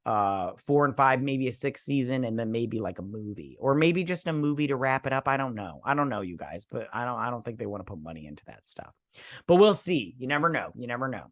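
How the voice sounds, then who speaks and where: A man with a medium-pitched, very animated voice hosts a casual TV review on camera, speaking a little fast in clean studio sound with no echo. He rambles with lots of fillers and restarts, acting out characters' lines in mocking voices.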